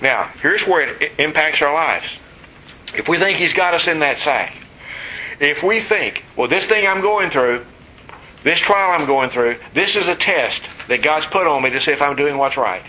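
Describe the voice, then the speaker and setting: Bright-voiced pastor preaching, conversational. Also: male voice, a little high, moderate pace, poor audio. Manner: conversational, teasing, animated storytelling; asks the congregation questions. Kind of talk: sermon.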